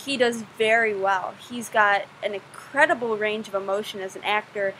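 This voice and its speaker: Bright-voiced young woman chatting to camera. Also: mid-range voice, steady tone, moderate pace, slight background noise, low-quality recording. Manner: chatty, self-deprecating, gushing. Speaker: vlogger answering viewer questions. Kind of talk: casual Q&A vlog.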